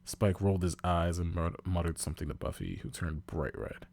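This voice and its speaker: A man's voice: sits low, normal speed, gravelly, few pauses, darkish tone, dry recording. A man hosting a podcast, reading fanfiction aloud with comedic flair and laughing at his own voices.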